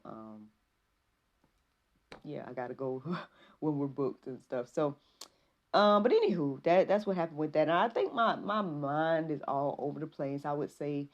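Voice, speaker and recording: A woman hosting a faith podcast, talking casually and rambling with many fillers, reading Bible verses slowly. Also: very deep voice, a little mellow, muffled recording. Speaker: podcast host. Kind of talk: casual devotional talk.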